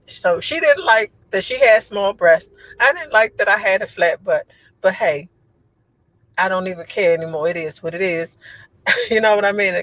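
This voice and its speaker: Woman host, livestream chat: low voice, rambling, quick to laugh, lots of fillers. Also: a bit bright, poor audio. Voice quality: low voice she says sounds like a man's. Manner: chatty and rambling, laughs often, many fillers. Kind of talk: casual livestream chat reading viewer comments.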